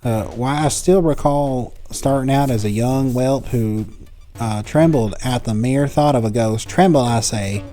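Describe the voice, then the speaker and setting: A man's voice: mid-range voice, unhurried, dark tone, soft background music, lightly acted. A man voicing a doddering elderly male ghost-hunting professor with a folksy drawl, reading game dialogue aloud. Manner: folksy drawl, trails off mid-story.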